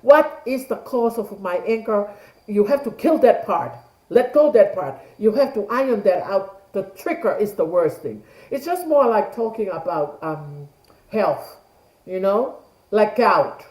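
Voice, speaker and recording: A woman's voice: medium pitch, lively intonation, unhurried, darkish tone, roomy sound, poor audio. A middle-aged woman, leading an online class and asking rhetorical questions that she answers herself. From Tonga. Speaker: class leader. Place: home room on a video call. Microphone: video call mic.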